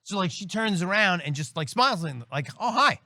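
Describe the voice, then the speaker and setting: A middle-aged man tells his story as a guest priest, acting out other voices. His pitch swings widely and his tone is bright and forward. The sound is close and dry. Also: brisk, no room sound. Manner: animated storyteller, acts out quoted voices, laughs often. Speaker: priest and military chaplain, guest. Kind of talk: casual storytelling interview.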